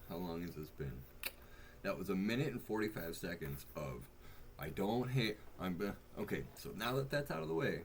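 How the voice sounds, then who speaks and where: A man's voice: low voice, a little hiss or hum. An American man hosting a reaction video, talking casually in rambling, profane asides that keep interrupting themselves. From United States.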